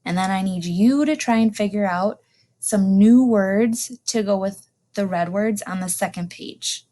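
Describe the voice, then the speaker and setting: A woman teacher giving a recorded lesson to young students, saying each new word slowly and clearly twice, with delighted exclamations. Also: medium pitch, dark tone. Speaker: elementary school teacher.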